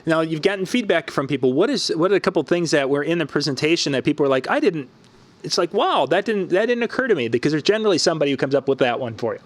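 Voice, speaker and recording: A man hosting a casual online talk show, upbeat and quick to laugh, with stumbling restarts. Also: a little high, sing-song, no echo. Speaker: show host.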